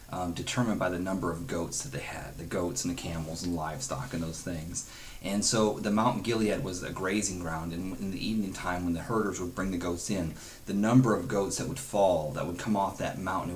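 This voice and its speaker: A man's voice: low-pitched, slight background noise. A man leading a devotional Bible study, earnest and conversational, dropping in chuckles and quoted asides.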